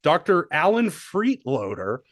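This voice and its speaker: Animated, joking podcast host man. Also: on the high side, unhurried, dry recording, clean studio sound. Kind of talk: casual comedic chat.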